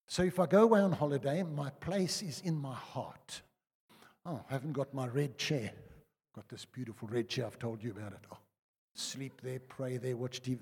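An older South African man preaching a sermon, telling personal stories in a chatty way that swings between loud and hushed. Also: mid-range voice, husky. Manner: conversational storytelling, lively swings from loud to hushed. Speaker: pastor. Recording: reverberant church hall.

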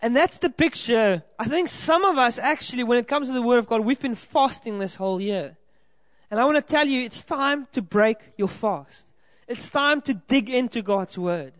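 High-voiced preaching man, dry sound. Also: expressive, moderate pace, fairly bright tone, dry recording. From South Africa. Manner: earnest and encouraging, addresses the congregation directly. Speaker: pastor. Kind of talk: sermon. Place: church hall with a congregation.

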